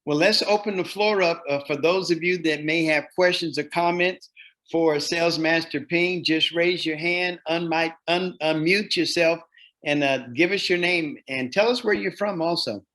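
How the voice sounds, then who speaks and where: A man's voice: a little high, moderate pace, bright, forceful tone. A man hosting an online meeting, thanking speakers and calling on participants. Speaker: meeting host.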